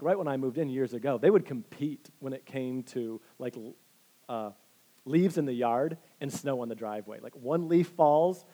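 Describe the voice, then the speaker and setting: A man preaching to his congregation, his voice sitting a little higher than most men's. He tells stories at his own expense with lively humor, stumbling over restarts as he goes. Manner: lively storytelling, self-deprecating humor, frequent restarts. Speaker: pastor. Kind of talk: sermon with personal stories.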